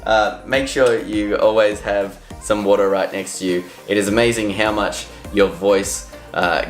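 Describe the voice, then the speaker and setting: Standing at a studio mic in a furnished room full of couches and chairs, a lowish-voiced man shares voiceover tips in a casual vlog. He's chatty and upbeat, pokes fun at himself, and the audio carries a roomy echo under faint music.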